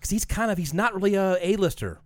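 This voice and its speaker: A man's voice: high-pitched, animated, quick pace, dry recording. A man co-hosting a podcast in casual chat, joking and riffing on bits. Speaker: podcast co-host. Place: podcast studio.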